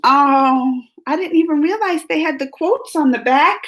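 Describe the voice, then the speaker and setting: A woman's voice: sits high, slow, a bit bright. A woman hosting a casual live stream who laughs often and greets her chat by name. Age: adult, mother of school-age kids. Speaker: livestream host.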